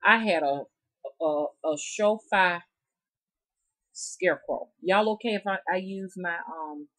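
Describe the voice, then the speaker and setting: Woman, Southern drawl, deep voice, rambling chatty storytelling, talks to viewers. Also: unhurried, a bit bright, rough recording. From Southern United States. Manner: rambling, chatty, talks straight to her audience. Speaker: rootworker storyteller. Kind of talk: casual storytelling vlog.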